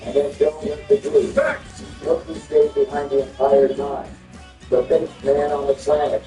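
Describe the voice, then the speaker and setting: A man's voice: huge pitch swings, unhurried, dark tone, far from the mic. Man ranting over gameplay in an echoey room. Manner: confrontational, swearing, swings between squeaky and low. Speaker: gaming video host. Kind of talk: gameplay commentary with trash talk. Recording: echoey room, away from the mic, music behind.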